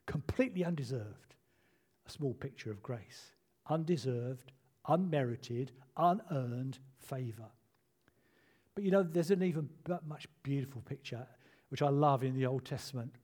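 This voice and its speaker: Mellow-voiced older preacher. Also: male voice, medium pitch, expressive. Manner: measured, earnest preaching with reflective pauses. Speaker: pastor. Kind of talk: sermon.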